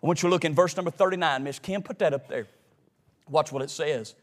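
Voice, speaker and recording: A man preaching to his congregation in a notably high voice. His delivery rolls in a sing-song cadence, rising to shouts and dropping to hushed asides. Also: quick pace. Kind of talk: sermon.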